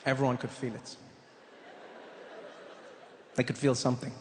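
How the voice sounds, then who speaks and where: A man from South Africa telling a stand-up comedy story, animated and breaking into shouted punchlines. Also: medium pitch, normal speed. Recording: echoey theatre hall with ambient noise.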